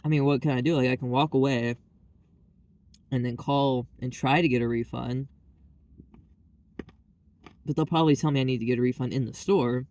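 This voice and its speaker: A man's voice: medium pitch, fairly even intonation, normal speed, long pauses, darkish tone. A man vlogging in a casual, rambling monologue, venting with exasperation and lots of filler words.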